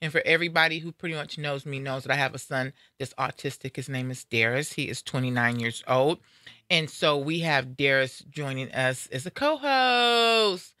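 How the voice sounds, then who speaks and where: A woman's voice: rumbling low, normal speed, bright, forceful tone, dry recording, clean studio sound. A middle-aged woman hosting a live talk show in a casual, upbeat, playful way. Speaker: radio show host.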